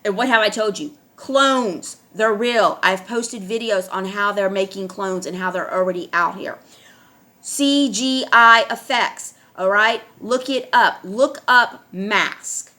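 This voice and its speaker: Middle-aged woman, solo vlogger, insistent, mid-pitched, keeps nudging her audience. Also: measured pace, few pauses, sharp tone. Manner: insistent, keeps repeating "all right?". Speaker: online video host. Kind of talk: casual monologue to camera.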